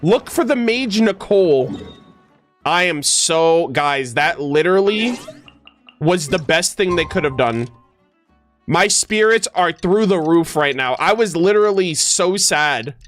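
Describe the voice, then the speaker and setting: A young man streaming his reaction to a game, emotional and exclaiming loudly as the story plays out. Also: fairly high pitch, animated, a little slow, soft background music. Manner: emotional, loud exclamations and swearing. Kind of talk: excited gameplay reaction.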